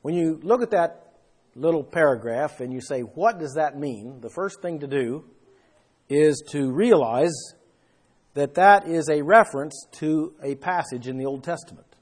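Husky emphatic male preacher. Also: a little high, animated, a little slow. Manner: emphatic, rising for stress. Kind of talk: sermon.

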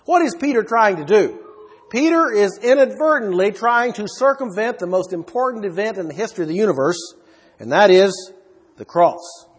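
A man with a high, husky voice delivers an expository sermon. He is emphatic and poses rhetorical questions to his listeners. His words ring out with a long reverb, as in a large hall. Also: expressive, moderate pace. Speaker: preacher.

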